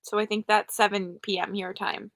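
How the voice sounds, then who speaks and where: Here the young woman's delivery is flat and her pace moderate, her mid-range voice a bit bright in a dry recording. Hosting a late-night livestream, she chats casually, jokes at her own expense, and answers viewers' messages, clearly tired from the late hour.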